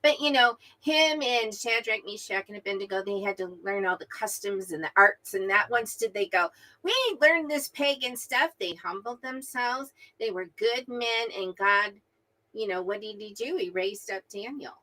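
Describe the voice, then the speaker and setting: A woman's voice: mid-range voice, moderate pace, pushed and bright. A woman co-hosting a casual Bible study talk show, chatty and eager to interject her thoughts. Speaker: co-host.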